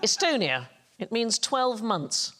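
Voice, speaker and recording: A woman hosting a comedy panel quiz, reading facts briskly and often laughing along with her guests. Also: a little high, sing-song, very noisy. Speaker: quiz show host.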